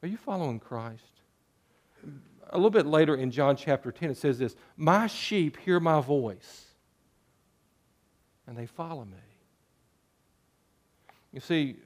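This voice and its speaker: A man's voice: medium pitch, darkish tone. A man preaching a sermon, moving between earnest scripture reading and playful jokes with sheep bleats. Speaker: pastor.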